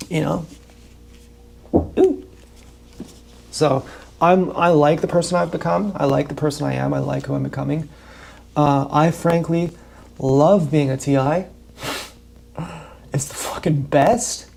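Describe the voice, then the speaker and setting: A man's voice: fairly high pitch, steady tone, a little slow, creaky, long pauses, darkish tone. A man livestreaming a rambling, profane, meandering monologue with emphatic bursts.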